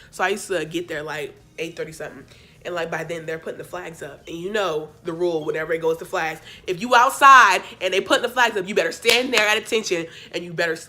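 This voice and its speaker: Sassy, chatty young woman. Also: fairly low pitch. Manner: animated, chatty, sassy asides to viewers. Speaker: vlogger. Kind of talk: casual storytime. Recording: faint background music.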